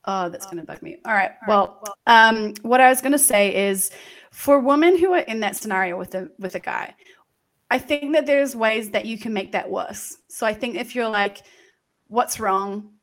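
Frank young woman host, a touch high, animated advice over a video call. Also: moderate pace. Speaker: podcast host. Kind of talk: casual candid chat.

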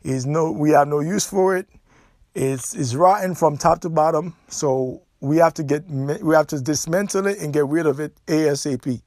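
A middle-aged man with a Haitian accent talks through a solo podcast monologue, pressing each point and circling back to repeat it. His voice sits somewhat high for a man. The sound is dry and close, with no room around it. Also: moderate pace, a little mellow, no echo. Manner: emphatic, repeats points, nonstandard grammar. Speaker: podcast host.

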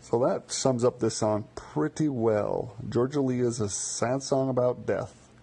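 A man casually talking through his favorite songs for a podcast, in a relaxed, rambling way with many fillers and repeated words. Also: mid-range voice, unhurried, slightly rough. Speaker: music podcaster. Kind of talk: casual spoken music commentary.

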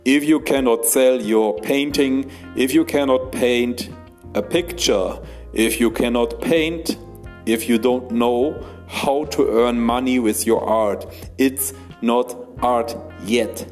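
A man delivering a mock guru monologue for a podcast, slowly repeating short chant-like phrases. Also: mid-range voice, a little mellow, faint music behind. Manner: slow, repetitive, chant-like phrases.

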